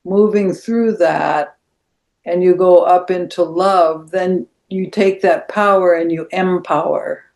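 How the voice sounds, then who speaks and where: A discussion partner on a spiritual podcast who sums up ideas in a reflective, measured way. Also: medium pitch, fairly even intonation, gravelly, darkish tone. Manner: summarizing thoughtfully, measured.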